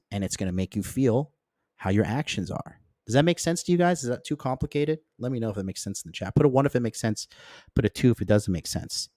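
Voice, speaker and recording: A man's voice: mellow, no room sound, studio quality. Blunt profane man giving dating advice. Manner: blunt, profane, keeps checking in with "okay?"; acts out friends and exes in mocking higher voices. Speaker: host. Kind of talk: livestream dating advice talk.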